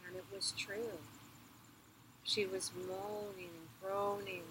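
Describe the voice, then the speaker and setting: A woman storyteller telling a myth in a slow, repetitive, chant-like way at an outdoor fire circle. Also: medium pitch, steady tone, a bit bright, a little hiss or hum, rough recording.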